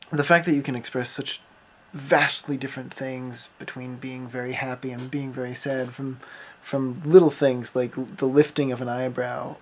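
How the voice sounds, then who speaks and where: A man's voice: medium pitch, slight background noise. A young man talking through his thoughts in a casual, rambling vlog monologue, recorded on a camera mic.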